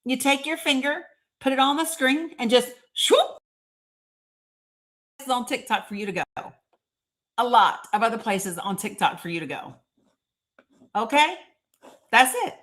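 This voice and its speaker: Bright-voiced Tennessee woman hosting a livestream. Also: on the high side, measured pace, long pauses. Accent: Northeast Tennessee. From Northeast Tennessee. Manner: chatty, emphatic, addresses commenters by name. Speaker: livestream host. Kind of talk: live-streamed commentary to viewers.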